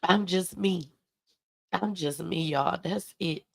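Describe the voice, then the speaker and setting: On a dry recording, a livestream host speaks slowly in a fairly low, creaky voice. She's close to tears, thanking her viewers from the heart and calling them "y'all" and "baby" in an emotional, casual way.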